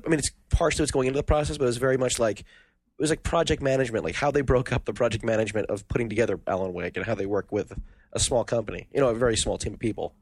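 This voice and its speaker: A man's voice: medium pitch, a little mellow, no room sound. A man co-hosting a casual podcast, rambling through a story with many restarts. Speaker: podcast co-host.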